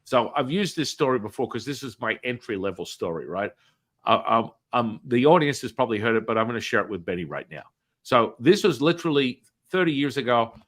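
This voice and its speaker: A man hosts a podcast and tells a story at an ordinary middle pitch. He talks in a loose, chatty way, full of fillers and tag questions. When he quotes people, his voice leaps up in pitch and volume. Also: expressive, a little fast. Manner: acts out quoted dialogue with big swings in pitch and loudness. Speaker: podcast host. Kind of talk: animated storytelling.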